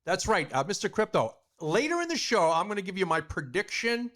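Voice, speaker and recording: A middle-aged man hosting a radio talk show, with energetic, slangy patter. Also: high-pitched, a little fast.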